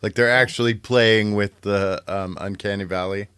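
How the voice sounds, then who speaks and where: A man's voice: on the low side, steady tone, moderate pace, a bit bright, smooth, no room sound, clean studio sound. A man co-hosting a casual podcast chat while sick, laughing often and agreeing easily. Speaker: podcast co-host.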